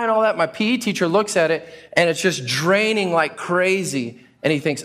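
A pastor preaching a sermon to a congregation, telling stories with acted-out exclamations. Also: male voice, a little high, a little fast, few pauses. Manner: animated storytelling with acted-out exclamations.

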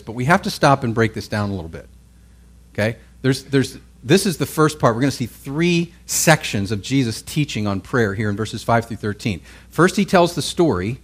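A pastor teaching a Bible class preaches in a conversational style, his medium-pitched voice slightly rough. He frequently checks in with listeners and restarts his phrases.

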